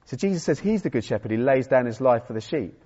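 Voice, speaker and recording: Chatty preacher in a reverberant hall. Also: male voice, mid-range voice, expressive, quick pace, a little mellow, husky. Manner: chatty, self-deprecating humor, frequent restarts. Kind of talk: conversational sermon. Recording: dull sound in a reverberant hall.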